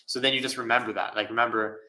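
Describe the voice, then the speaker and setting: Speaking rapid-fire at a medium pitch with little rise and fall, this monk fields live questions in a laid-back way. His clear, bright voice comes through poor audio, peppered with laughter and filler words as he reflects.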